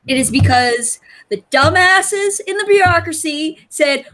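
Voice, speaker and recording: A woman's voice: high-pitched, lively intonation, unhurried, a bit bright, faint music behind. A young woman, a college student, chatting bluntly and profanely on a group call. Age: young adult. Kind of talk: casual group chat on a voice call.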